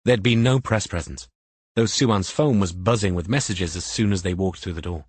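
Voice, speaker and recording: A man narrating a crime novel audiobook in measured, scripted narration. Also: low-pitched, slightly rough, no echo.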